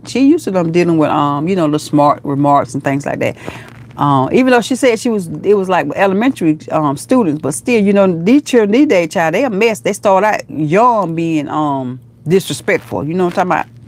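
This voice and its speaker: Woman, livestream host, casual chat, lowish voice, animated, calls viewers honey. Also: a little hiss or hum. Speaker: vlogger hosting a livestream.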